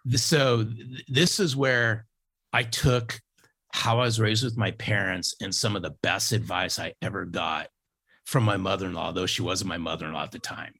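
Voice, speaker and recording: Low gravelly guy in his 50s, kinda husky, keeps repeating his point hard like a sales coach. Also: steady tone, normal speed, pushed and bright. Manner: emphatic, repeats key phrases for effect. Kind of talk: storytelling interview talk.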